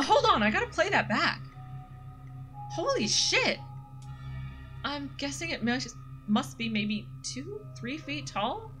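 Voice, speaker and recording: A woman's voice: on the high side, fairly bright tone. A woman voicing a bold, curious young woman who investigates, in an eager, reactive way.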